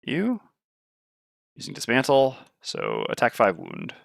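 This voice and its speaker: A man's voice: mid-range voice, huge pitch swings, normal speed, vocal fry, a bit bright, no echo, studio quality. A man playing a tabletop board game on stream, thinking aloud and weighing his moves. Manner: muttering, weighing options aloud.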